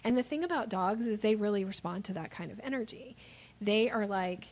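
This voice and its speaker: A woman guest on a podcast explaining sales techniques, lively and animated, acting out the voices of the people she quotes. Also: mid-range voice, normal speed.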